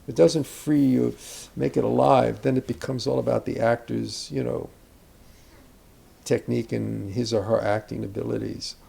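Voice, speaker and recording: An older man explains acting craft in an easy, meandering interview manner, full of asides and restarts. His voice is deeply gravelly and husky, with a dark, mellow tone. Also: level tone, normal speed. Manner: reflective, rambling with asides and restarts. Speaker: acting teacher. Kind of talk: conversational interview about acting.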